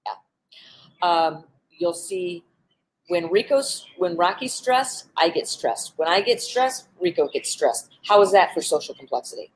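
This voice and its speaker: A woman's voice: fairly low pitch, expressive, measured pace, husky, low-quality recording. A woman who works with animals, hosting a casual live stream, talking earnestly with frequent ums and restarts. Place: indoors with animals around.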